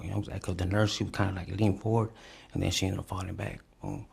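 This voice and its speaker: A man giving a police interview in halting speech, full of restarts and fillers, who rises loud and high when he acts out what was said. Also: sing-song, gravelly, husky. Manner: acts out quotes loudly, high and tense. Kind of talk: recorded police interview testimony.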